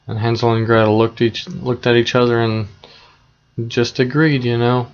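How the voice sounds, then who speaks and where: A man retelling a fairy tale in a plain, conversational, unhurried way, with small asides to the listener. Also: mid-range voice, flat delivery, muffled recording. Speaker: storyteller.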